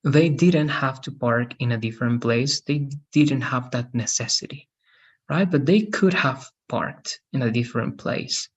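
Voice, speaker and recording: A man's voice: mid-range voice, measured pace, slightly rough, muffled recording. Man teaching a recorded grammar lesson. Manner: explanatory, frequent tag questions and restarts. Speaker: English teacher.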